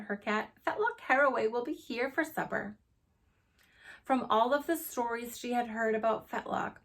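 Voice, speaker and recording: Woman, teacher, reading aloud to children, gravelly, expressive storytelling. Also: medium pitch.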